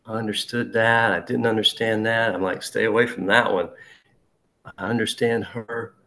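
A man telling a personal recovery story in a halting, conversational way, with frequent restarts and asides. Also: fairly low pitch, little pitch movement, pushed and bright. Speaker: speaker sharing a recovery story. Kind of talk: personal testimony.

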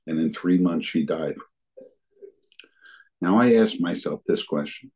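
Older man with a deep husky voice. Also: unhurried, a little mellow, rough recording. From New Jersey area. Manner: earnest storytelling, acting out remembered dialogue. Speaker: speaker sharing his recovery story. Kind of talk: personal testimony talk.

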